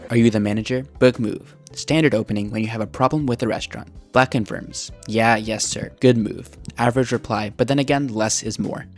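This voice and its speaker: A man's voice: medium pitch, fairly quick, hardly any pauses, faint music behind. A man reading scripted, sarcastic mock chess commentary on online arguments. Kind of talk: scripted narration.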